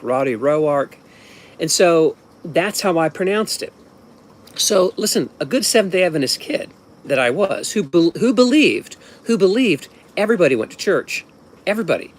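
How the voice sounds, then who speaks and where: A man in his fifties from Ohio telling a personal story at home in a casual, rambling way, often restarting and adding asides. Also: fairly high pitch. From Ohio, USA. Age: 50s.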